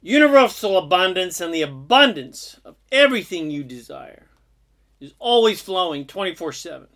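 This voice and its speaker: A man giving an earnest, sermon-like spiritual talk, drawing out his phrases slowly. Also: sits high, big pitch swings, bright, forceful tone. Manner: slow, earnest, sermon-like delivery with drawn-out phrases. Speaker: spiritual speaker. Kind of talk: inspirational monologue.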